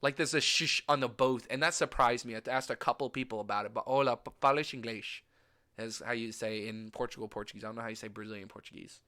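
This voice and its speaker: A young man from the States chats about his travels with a bright, crisp, clear voice. He talks in an animated, gushing way and swears casually. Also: mid-range voice, fast, hardly any pauses. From United States. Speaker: vlogger. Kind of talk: casual travel recap chat.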